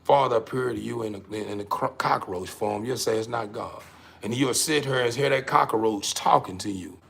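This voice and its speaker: A man hosting his own show, delivering a casual, emphatic monologue to the camera that he keeps repeating himself through, swinging between loud and quiet. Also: medium pitch, normal speed, gravelly, a little hiss or hum.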